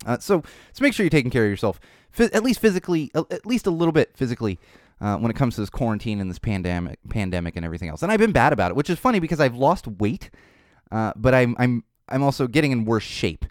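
Lively, tired man rambling on a podcast. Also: medium pitch, fast talker, no echo, studio quality. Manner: rambling, speaks off the cuff with tangents. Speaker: podcast host. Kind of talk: casual unscripted monologue.

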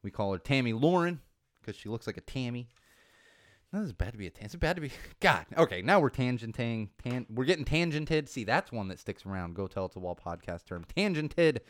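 Podcast host, man, chatty sarcastic ranter, smooth clear voice. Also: medium pitch, a little fast, no room sound. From California. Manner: animated, sarcastic, rambling with many asides. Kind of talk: casual podcast rant.

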